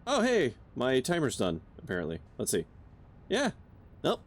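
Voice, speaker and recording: A man's voice: mid-range voice, huge pitch swings, normal speed. A young man chatting casually while playing a game, counting aloud under his breath and swearing now and then. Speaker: game streamer.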